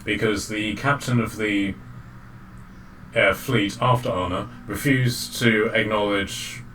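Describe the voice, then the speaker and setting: A man narrating as game master of a tabletop game, halting often with fillers and restarts. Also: on the low side, sharp tone. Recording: distant mic, faint background noise.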